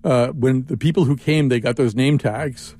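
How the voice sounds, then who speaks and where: A man in his seventies hosting a radio talk show, rambling and chuckling as he chats. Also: normal speed. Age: 70s. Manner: rambling, chuckling, lively swings in pitch. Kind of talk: casual radio chat.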